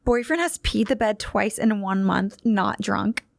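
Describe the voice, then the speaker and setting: A woman's voice: medium pitch, lively intonation, unhurried, vocal fry, no echo, studio quality. A woman co-hosting a podcast, chatting in a giggly, rambling way. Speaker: podcast co-host. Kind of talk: casual chat.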